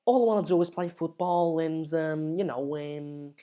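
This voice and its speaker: A man's voice: on the high side, mellow, smooth, close to an everyday voice. A man doing a mumbling Scouse footballer. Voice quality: halting, full of "um, you know". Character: mumbling young male footballer after a match.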